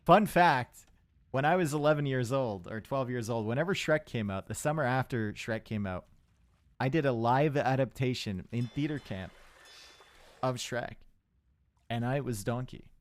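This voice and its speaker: A man's voice: medium pitch, moderate pace, no echo. A young man casting a live strategy game match, chatty and rambling, with asides to his chat. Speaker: esports caster.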